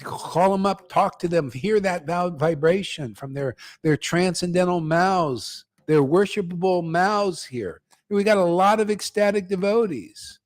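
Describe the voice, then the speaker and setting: A man's voice: high voice, a little slow, few pauses. An older man giving a blunt, slangy devotional talk as a spiritual teacher, ranting and calling his listeners "man.". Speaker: spiritual teacher leading a chanting gathering.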